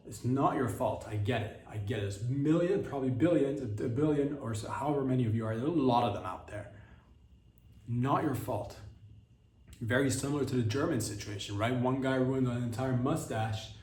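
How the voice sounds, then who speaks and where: A man's voice: mid-range voice, a little mellow. A man hosting a comedy podcast in a rambling, provocative monologue, often cutting himself off and restarting. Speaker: podcast host. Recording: roomy echo.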